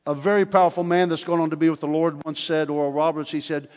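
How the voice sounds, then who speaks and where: An older man preaching a sermon in a church, telling stories with animated humor. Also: fairly high pitch, fast talker, hardly any pauses. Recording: long hall reverb.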